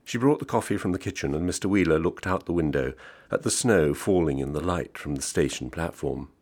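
A man reading a literary short story aloud in a measured, understated way. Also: low-pitched, animated, darkish tone. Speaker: reader.

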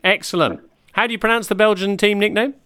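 A man's voice: sits high, fast talker, clear, resonant tone. A man hosting a football podcast in a jokey, casual way. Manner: jokey, lively presenting. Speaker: podcast host. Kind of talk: casual chat.

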